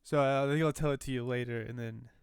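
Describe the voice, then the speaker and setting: A man's voice: mid-range voice, fairly even intonation, fast, clear, resonant tone, no room sound, clean studio sound. A man co-hosting a podcast over a video call, chatting casually, tired and mumbling, swearing and laughing at his own ideas. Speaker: podcast co-host. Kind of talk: casual chat.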